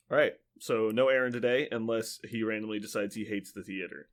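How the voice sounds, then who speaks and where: A man's voice: lowish voice, brisk. A man hosting a podcast, chatting casually and trailing off at the end of his phrases. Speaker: podcast host. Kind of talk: casual chat.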